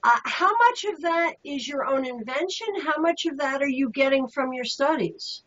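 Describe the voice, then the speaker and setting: Brief: higher-voiced woman, enthusiastic tarot show host, dull lo-fi sound. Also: lively intonation, moderate pace, a bit bright. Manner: affirming, enthusiastic interviewer. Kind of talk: casual chat about tarot. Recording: dull lo-fi audio.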